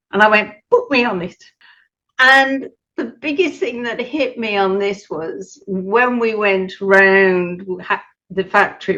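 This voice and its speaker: A woman's voice: mid-range voice, fairly bright tone. A middle-aged woman from the United Kingdom answering an interviewer, telling her story animatedly and acting out the voices of the people in it. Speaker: guest. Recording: muffled, lo-fi audio.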